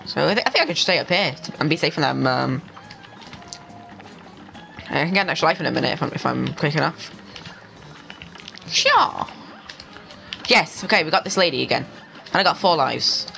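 A young man giving excitable let's-play commentary, talking to the game and to his viewers and bursting into yells. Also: on the high side, fast, gravelly, pauses often, faint music behind, low-quality recording. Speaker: gaming channel host.

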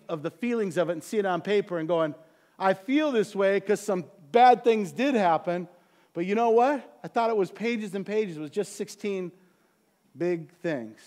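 A man's voice: fairly high pitch, a little mellow. A middle-aged man preaching as a church pastor, telling a personal story and building to fervent, earnest exhortation. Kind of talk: sermon.

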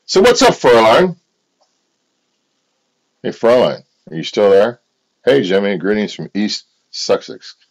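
A man's voice: fairly low pitch, a little slow, long pauses, poor audio. A middle-aged American man hosting a livestream, chatting casually in a rambling, profane way. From United States. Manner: profane, rambling, animated storytelling. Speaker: livestream host.

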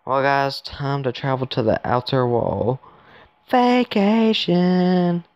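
Slow, gravelly man narrating gameplay. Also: mid-range voice, no echo, dull audio. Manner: rambling, chatty, talks to viewers while playing. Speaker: gaming YouTuber. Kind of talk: casual gameplay commentary. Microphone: phone.

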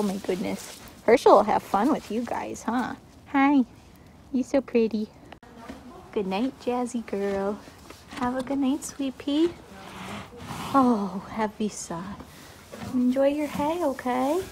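A woman's voice: on the high side, darkish tone, slight background noise. A young woman vlogging a tour of her horse barn, gushing and cooing at the animals. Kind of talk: casual vlog tour. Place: horse barn, outdoors and in stalls.

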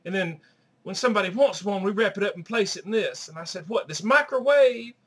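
A man's voice: high voice, brisk, husky. A man playing a crude, gossipy middle-aged woman in a comedy sketch. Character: brassy crude Southern middle-aged woman, Aunt Charlene.

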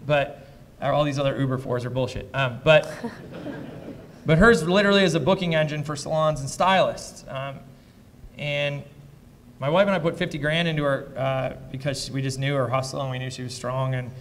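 A man who invests in startups, speaking as a fireside chat guest before a live audience, blunt and profane as he tells lively anecdotes. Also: medium pitch, normal speed, big-room sound, a little hiss or hum. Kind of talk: candid onstage storytelling.

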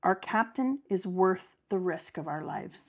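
A woman reading a comic aloud and voicing a calm, composed grown woman pirate in a low, steady voice. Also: unhurried.

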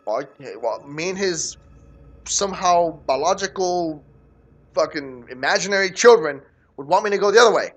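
A man playing a horror game on video, talking to the viewers and the game, often yelling, panicking and swearing. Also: high voice, expressive, normal speed. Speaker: gaming video creator. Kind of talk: let's play commentary.

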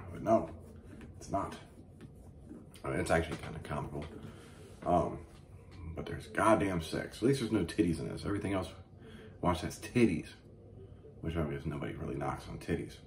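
Profane ranting man, low voice. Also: slight background noise. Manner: profane, mock-outraged, animated storytelling. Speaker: comedy podcast host. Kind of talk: crude comedic rant. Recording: echoey room.

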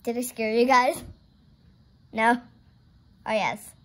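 A woman's voice: a little high, steady tone, slow. A woman reading a children's picture book aloud, playful and exclaiming, turning to chat with her viewers between pages. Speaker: storyteller.

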